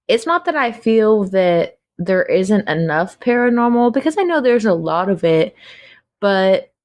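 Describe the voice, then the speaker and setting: A woman hosting a podcast, interviewing an author and agreeing readily. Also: mid-range voice. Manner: warm, agreeable, frequent affirming murmurs. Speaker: podcast host.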